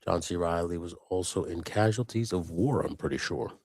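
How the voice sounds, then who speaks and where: A co-host of a live customizing stream talks loosely at normal speed, his low voice a little mellow. He swears a lot and strays between topics in casual chat, and the recording is dry.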